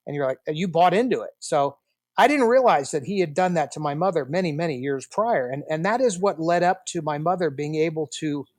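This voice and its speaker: A man's voice: on the high side, a little fast, no echo, studio quality. Older man telling family stories animatedly. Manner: animated storyteller, acts out quoted dialogue. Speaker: podcast guest. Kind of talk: storytelling interview.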